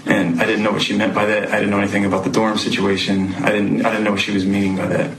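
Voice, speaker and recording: A man testifying as a witness in court, speaking haltingly with many pauses and fillers. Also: lowish voice, monotone. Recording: echoey noisy courtroom audio.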